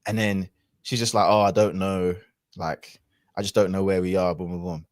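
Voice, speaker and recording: Low-voiced man telling a story. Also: flat delivery, moderate pace, no room sound, clean studio sound. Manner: reflective, rambling with many fillers and restarts. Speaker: podcast guest. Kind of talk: casual storytelling chat.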